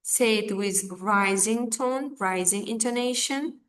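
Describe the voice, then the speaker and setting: Woman teacher, unhurried, patient, filler words. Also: on the high side, a bit bright. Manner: slow, patient, with fillers and restarts. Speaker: English teacher. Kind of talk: online language lesson.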